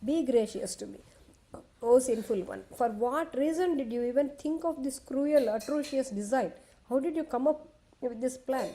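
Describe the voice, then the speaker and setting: A woman's voice: high voice, moderate pace, dark tone. A woman voicing a grieving old king who asks anguished, pleading questions as she retells scripture. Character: grieving old king, bewildered then furious. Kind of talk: recounting scripture.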